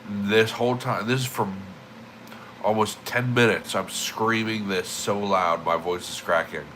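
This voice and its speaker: A man's voice: fairly low pitch, steady tone, unhurried, fairly bright tone, a little hiss or hum, rough recording. A young man livestreaming, just woken up, rambling and swearing with emphatic repeated words. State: just woke up. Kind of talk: casual streaming rant.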